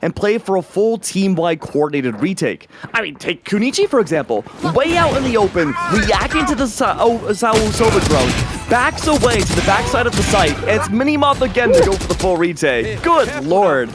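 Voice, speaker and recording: Excitable high-voiced male game caster. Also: normal speed, over loud music. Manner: energetic, excitable play-by-play. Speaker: esports caster. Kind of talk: live game commentary. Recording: noisy stream audio with game sounds.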